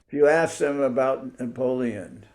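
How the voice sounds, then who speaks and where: A man's voice: medium pitch, a little slow, a little mellow, a little hiss or hum. A man giving an informal spiritual talk over a video call, musing aloud and stopping to search for words and names. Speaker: spiritual teacher. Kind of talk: informal online talk to devotees.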